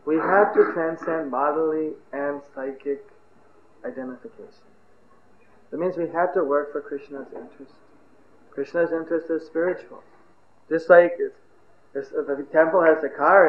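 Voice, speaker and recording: A man's voice: on the high side, slight background noise. Man preaching over a tinny, echoey recording. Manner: animated storyteller, shouts out characters' cries. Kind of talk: sermon with storytelling.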